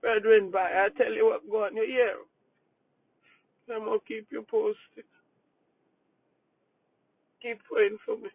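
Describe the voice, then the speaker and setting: A tearful woman pastor speaks from a moving car, her voice breaking as she stumbles and repeats herself. The sound is thin and phone-like, with a close, dry feel and no room around it. She pleads warmly and prayerfully for her congregation's support. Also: fairly high pitch, steady tone, breathy edge, no room sound. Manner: emotional, repetitive, halting, prayerful. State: crying.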